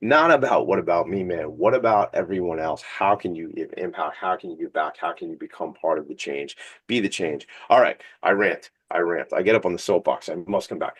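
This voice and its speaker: A fairly low-voiced man hosts a streamed talk radio show, rambling and joking as he talks. His delivery is chatty and enthusiastic, and he goes off on tangents. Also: lively intonation, a little fast, fairly bright tone, husky. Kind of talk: casual interview chat. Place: studio streamed on video.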